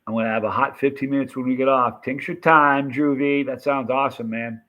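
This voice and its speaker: A man hosting a casual live stream, reading viewer comments and rambling excitedly about old movie scenes. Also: mid-range voice, brisk. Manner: chatty, rambling, animated retelling of movie scenes.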